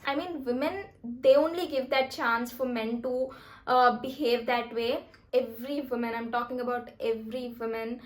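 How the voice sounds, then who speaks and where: A woman, talking through life lessons in a casual vlog, chatty and emphatic, sometimes while eating. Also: a little high. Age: 20s. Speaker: vlogger.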